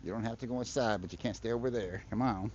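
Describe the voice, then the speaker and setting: A man's voice: on the low side, fast, darkish tone, a little hiss or hum. A man chatting casually and profanely on a live stream while out in a yard with his dog, on a wireless mic. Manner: laid-back, profane, chuckling, talking to his dog. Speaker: live-streaming delivery rider. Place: outdoors in a yard. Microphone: wireless mic relaying to a laptop. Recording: dull lo-fi stream audio.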